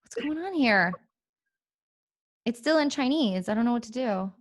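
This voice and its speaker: A woman hosting a podcast in a casual chat. She talks playfully, laughs often and thinks out loud. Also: fairly high pitch, expressive, normal speed. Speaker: podcast host.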